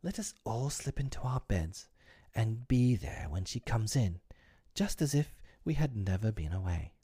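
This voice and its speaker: A man's voice: on the low side, animated, unhurried, dark tone, husky, dry recording, clean studio sound, heavily acted. A man reading aloud, voicing a motherly, earnest young girl with a faltering manner.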